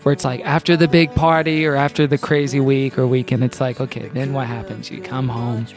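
A man hosting a podcast in casual chat, jokey and animated, with quick asides. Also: mid-range voice, over music. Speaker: podcast host.

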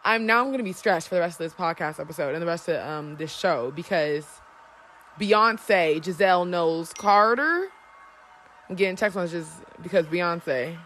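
Excitable woman podcast host gushing live. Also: lowish voice, moderate pace, a little hiss or hum. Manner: excitable, gushing, swears freely. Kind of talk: live reaction recap.

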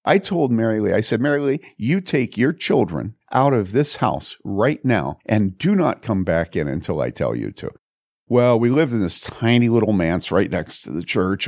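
A man's voice: lowish voice, vocal fry, darkish tone, no echo, clean studio sound. An older man, a pastor, telling personal stories on a podcast in an earnest, emphatic way with frequent repetition. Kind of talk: storytelling on a podcast.

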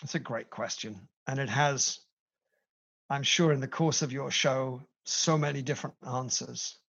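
A man's voice: medium pitch, fairly even intonation, unhurried, vocal fry, a bit bright, breathy edge. A middle-aged man with a British accent, a guest in a podcast interview, telling his story with energy and playful emphasis. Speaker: guest, company CEO. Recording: dull lo-fi audio.

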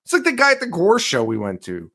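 A man's voice: high voice, quick pace, slightly rough. A young man co-hosting a podcast, talking casually, swearing a lot and laughing often. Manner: animated, profane, laughs often. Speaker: podcast co-host. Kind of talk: casual chat.

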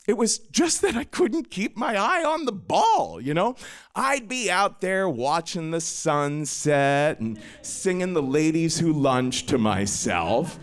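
A man's voice: on the high side, sing-song, takes it slowly. A man telling a personal story with a dramatic, self-mocking flair, acting out the people in it.

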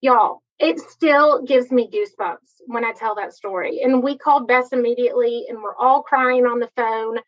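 A woman's voice: a little high, normal speed, few pauses. Give me an earnest woman giving a personal faith testimony on a dull lo-fi recording. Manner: earnest, heartfelt, addresses listeners as y'all. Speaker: testimony speaker.

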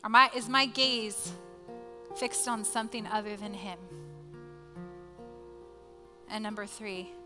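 A woman's voice: medium pitch, takes it slowly, long pauses. A woman in her thirties, a pastor, giving a sermon through earnest, emotional personal storytelling. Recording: hall reverb with soft music behind.

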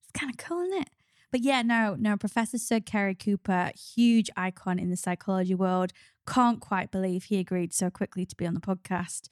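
A woman co-hosts a podcast in a chatty, upbeat way and laughs often. Her voice sits at a middle pitch. The recording is dry and close. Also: brisk, a little mellow, smooth, no room sound. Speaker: podcast co-host. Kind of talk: casual podcast chat.

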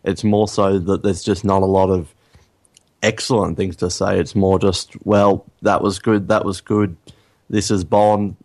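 A man co-hosting a film review podcast in a casual chat, speaking in a measured way and thinking aloud with frequent ums. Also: low voice, level tone, a little mellow, no echo. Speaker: podcast co-host.

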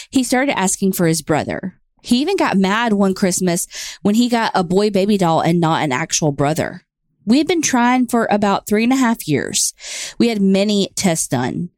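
A woman co-hosting a podcast, chatting and reading out a listener's story in a plain, steady way. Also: medium pitch, no room sound, clean studio sound. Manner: reads letters aloud in a plain, steady way. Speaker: podcast co-host. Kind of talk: casual chat and reading listener stories.

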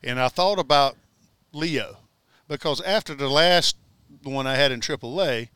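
Bright, clear man telling stories. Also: mid-range voice, measured pace, dry recording. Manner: rambling, laughs while telling anecdotes. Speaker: guest, former pitcher. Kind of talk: casual storytelling. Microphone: studio mic in radio booth.

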